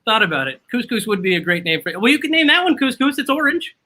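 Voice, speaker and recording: A man's voice: very high voice, big pitch swings, fast talker, bright, forceful tone, poor audio. A man hosting a casual chat over drinks, laughing often and making fun of himself. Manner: laughs often, self-mocking.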